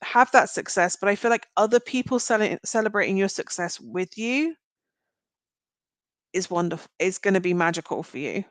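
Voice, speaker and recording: A British woman talks straight to her livestream viewers, giving readings in a rambling, conversational way. She giggles often. Her pitch is mid-range, and the sound is dry, with no room echo. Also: lively intonation, moderate pace. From Britain. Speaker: card reader hosting a livestream. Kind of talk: live reading to chat viewers.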